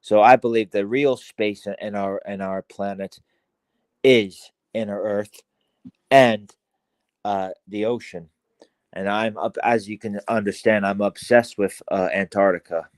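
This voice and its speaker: An Irish man talking as a podcast guest in casual chat, rambling with heavy swearing, halting restarts and fillers. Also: on the low side, steady tone, dry recording.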